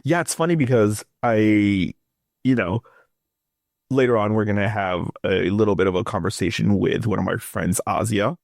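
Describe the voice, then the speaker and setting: A man's voice: lowish voice, normal speed, creaky, dry recording, studio quality. A man co-hosting a horror podcast in casual, joking chat, laughing often. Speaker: podcast co-host.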